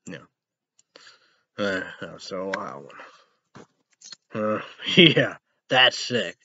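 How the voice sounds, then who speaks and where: A man's voice: low voice, expressive, very slow, sharp tone, no room sound. A young man hosting a casual show, reading news headlines aloud and rambling about them, spelling names letter by letter. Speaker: show host. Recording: dull lo-fi recording.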